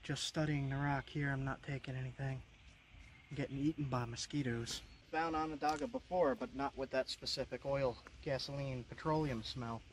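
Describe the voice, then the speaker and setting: Male outdoor vlogger, middle pitch, chatty and eager, noisy creekside camera audio. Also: normal speed. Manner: excitable, chatty, often laughing. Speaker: flint knapping vlogger. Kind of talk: casual outdoor vlog narration. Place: outdoors along a wooded creek.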